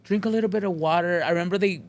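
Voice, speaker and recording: A young man guesting on a podcast, telling a story with lively impressions of other people and slipping Spanish words into his English. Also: high-pitched, rapid-fire. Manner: animated storytelling, acting out other people's voices. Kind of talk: casual chat.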